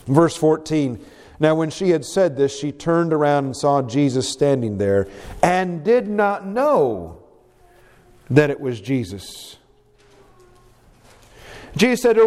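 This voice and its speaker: A man preaching a sermon, reading scripture aloud with dramatic, expressive emphasis. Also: fairly high pitch, a little slow, long pauses. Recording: long hall reverb.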